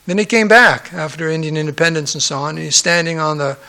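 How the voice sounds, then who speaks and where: A man with a fairly high, bright voice teaches a scripture class in a relaxed, conversational way. He breaks off from the reading for joking asides and puts on quoted voices. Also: quick pace, creaky. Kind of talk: sermon-style scripture class.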